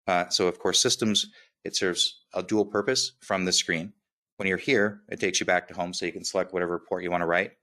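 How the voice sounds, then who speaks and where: Webinar presenter, male, slight lisp, flat low delivery, energetic product walkthrough. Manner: upbeat, quick, with filler "right?" checks. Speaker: software demo presenter.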